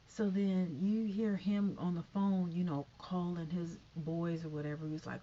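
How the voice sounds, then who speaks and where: A woman's voice: fairly low pitch, unhurried, mellow, dull audio, slight background noise. A woman casually recapping a TV episode, rambling with lots of fillers and tangents.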